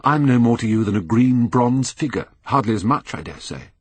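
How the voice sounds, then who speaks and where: A man's voice: mid-range voice, animated, moderate pace, breathy edge, no echo, voice pushed up. A man voicing an anguished, vain young man who pleads and breaks into despairing outbursts. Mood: bitter.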